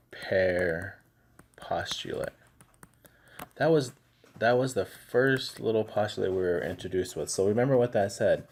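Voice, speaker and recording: A middle-aged man teaching a math lesson in a relaxed, chatty way, full of fillers and side stories. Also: deep voice, slight background noise. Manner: relaxed, chatty, tells anecdotes with lots of fillers. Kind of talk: casual classroom lesson.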